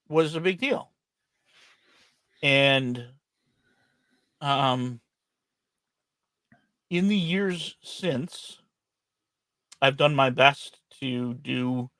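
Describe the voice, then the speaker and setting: A man's voice: medium pitch, a bit bright, no echo. A man, a guest in a casual live-streamed interview, speaking earnestly and reflectively. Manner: earnest, reflective, speaks openly about faith. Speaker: podcast guest. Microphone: remote live-stream call.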